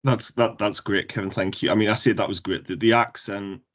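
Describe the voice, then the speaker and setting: A man moderating an online Q&A over a video call, brisk and joking as he hands over to the next questioner. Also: fairly low pitch, steady tone, a bit bright. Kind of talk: chairing an online Q&A.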